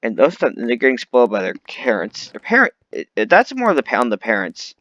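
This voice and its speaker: Rambling, complaining man with lively pitch. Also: a little fast, no room sound, lo-fi sound. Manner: rambling, complaining, many restarts. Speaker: vlogger. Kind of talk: unscripted rant.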